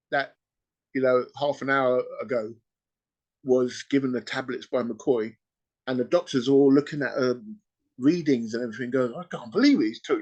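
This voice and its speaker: A man hosting a podcast, retelling a story in casual chat, animated and peppered with "you know" and "right?". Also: medium pitch, dull audio. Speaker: podcast host.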